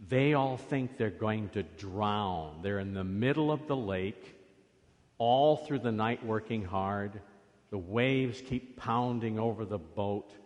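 A priest giving a children's sermon in a church, coaxing the children along with lively questions. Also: male voice, fairly low pitch, takes it slowly. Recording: long reverb of a church.

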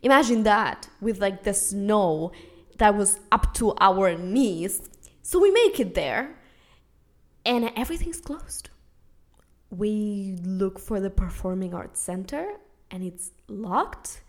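A woman in her twenties from Spain, a native Spanish and Catalan speaker with a Spanish accent, hosting a podcast and telling a personal story in a casual, animated way with frequent laughter. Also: mid-range voice, slow. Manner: animated, laughing often between phrases. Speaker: podcast host.

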